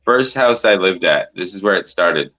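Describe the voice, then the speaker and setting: Deep-voiced man rambling on a stream. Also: expressive, normal speed, bright, forceful tone. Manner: rambling, heavy swearing and filler words. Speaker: host. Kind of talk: casual livestream chat. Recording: dull lo-fi stream audio.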